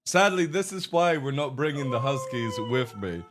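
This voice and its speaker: Animated male streamer chatting casually. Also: medium pitch, normal speed, few pauses, heavy background noise. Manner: chatty, lively, talks to his dogs in a coaxing voice. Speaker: live streamer. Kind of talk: casual stream chat reacting to a video. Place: home.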